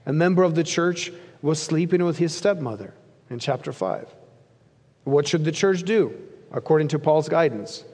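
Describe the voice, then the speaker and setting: A male pastor delivers an earnest sermon in a slightly high, gravelly voice. He pushes up for emphasis and drops low at the ends of phrases. His voice carries with a long reverb through a large church sanctuary. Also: animated, moderate pace, darkish tone.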